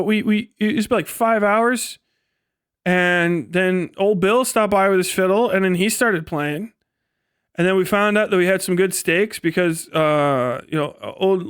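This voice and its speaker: A man's voice: sits high, fairly bright tone, clean tone, no room sound, clean studio sound. A man voicing a drowsy, easygoing male pub regular in a put-on Scottish accent, telling a long, meandering story.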